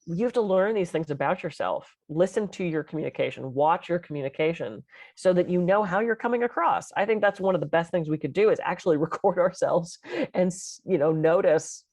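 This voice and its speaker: A middle-aged woman co-hosts a podcast in relaxed, chatty talk. Her voice sits a little low for a woman and comes across dry and close. She tells stories in an animated, expressive way. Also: fairly quick, no echo. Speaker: podcast co-host. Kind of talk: casual podcast chat.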